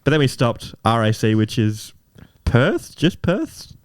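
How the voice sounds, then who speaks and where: Smooth-voiced young man rambling. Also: mid-range voice, sing-song, a little slow. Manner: rambling storyteller. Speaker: podcast co-host. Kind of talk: casual chat.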